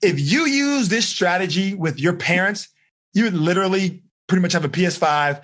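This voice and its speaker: A man from the United States giving a lively live seminar to teenagers as a life coach, coaxing his audience to answer and acting out little quoted scenes. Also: high voice, moderate pace. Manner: animated, coaxing the audience, acts out quoted voices. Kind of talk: energetic live seminar talk.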